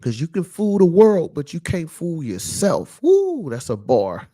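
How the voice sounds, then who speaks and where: Preachy man with a fairly high voice. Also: wildly swooping pitch, slow, mellow. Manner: preachy, repeats lines for emphasis; loose casual speech with many fillers. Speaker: vlog host. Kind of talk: casual commentary monologue.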